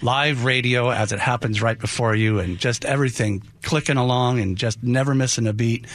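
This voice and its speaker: A man's voice: mid-range voice, fairly even intonation, moderate pace. Older man, heartfelt radio guest. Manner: earnest, heartfelt storyteller. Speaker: radio studio guest, Santa performer. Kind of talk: casual on-air interview. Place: radio studio.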